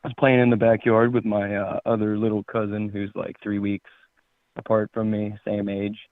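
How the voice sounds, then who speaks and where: A man calling in to a show, chatting casually in a relaxed, jokey way. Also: fairly low pitch, normal speed, no echo. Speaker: caller. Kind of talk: casual chat. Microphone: phone. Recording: tinny phone line.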